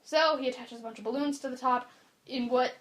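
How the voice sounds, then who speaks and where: Lively, blunt young woman co-host. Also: sits high, fairly quick. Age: young adult. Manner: animated, opinionated, blunt. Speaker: podcast co-host. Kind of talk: casual chat.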